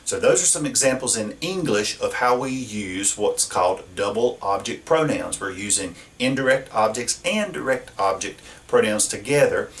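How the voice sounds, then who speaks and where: A man teaching a grammar lesson at a whiteboard, explaining patiently and asking his students questions. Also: mid-range voice. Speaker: Spanish teacher. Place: classroom. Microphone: camera across the room. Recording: echoey room from a distance.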